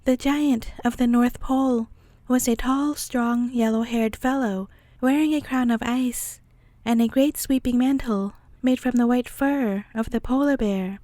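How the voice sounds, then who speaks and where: Calm woman reading a bedtime story. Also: fairly high pitch, measured pace, hardly any pauses, dry recording.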